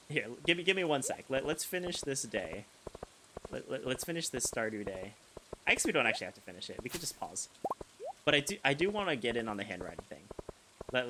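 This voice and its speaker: A man's voice: medium pitch, noisy background. Rambling young man streaming a game. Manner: rambling, self-interrupting, laughs often. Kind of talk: casual live-stream chat while gaming. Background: game music.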